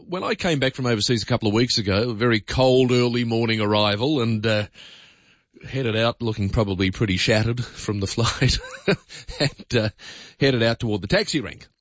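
A man's voice: medium pitch, moderate pace, dry recording. An Australian man hosting a talkback radio show, chatting in a conversational, opinionated way with many fillers. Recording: dull lo-fi radio broadcast.

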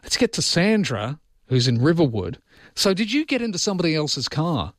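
A man's voice: on the high side, very animated, normal speed, dry recording, clean studio sound. A middle-aged man hosting a late-night radio call-in show, chatting casually and telling rambling stories full of restarts. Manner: rambling storyteller with many restarts and fillers. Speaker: radio talk show host.

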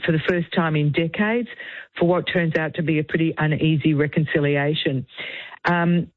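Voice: mid-range voice, dry recording. A radio host chatting casually through a film review, with frequent ums. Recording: dry, narrow phone-like sound.

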